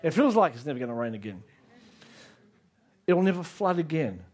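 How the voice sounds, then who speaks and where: High-voiced preacher asking the crowd questions. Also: male voice, big pitch swings, normal speed. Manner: emphatic, rising to near shouts on key lines; asks the audience direct questions. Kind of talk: sermon.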